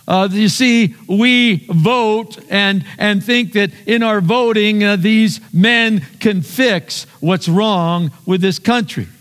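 A man's voice: high voice, takes it slowly, few pauses, fairly bright tone, long reverb tail. A male pastor preaching a conversational sermon, earnest, often repeating words and asking the congregation questions.

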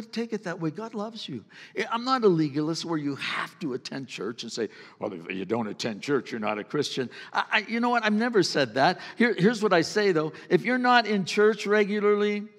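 A pastor giving a sermon in a church, talking in an earnest, conversational way that sometimes drops to a hush. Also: male voice, high voice, big pitch swings, moderate pace. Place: church sanctuary. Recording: long reverb of a church hall.

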